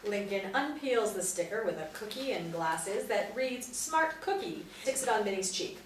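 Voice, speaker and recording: A woman narrator reading the stage directions at a table read, steady and matter-of-fact. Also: medium pitch, normal speed, slight background noise. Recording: roomy, distant mic.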